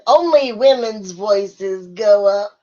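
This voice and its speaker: Slow-talking giggly woman vlogger. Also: mid-range voice, mellow, muffled recording. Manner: giggly, breaks into laughter often. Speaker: vlogger answering viewer questions. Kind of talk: casual Q&A chat.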